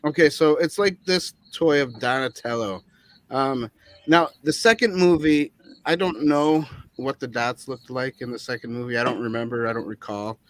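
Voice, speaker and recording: A man on a movie review panel chats casually, rambling and hesitating with lots of fillers, while crickets chirp in the background. His mid-range voice is a bit bright, at a moderate pace, with no echo.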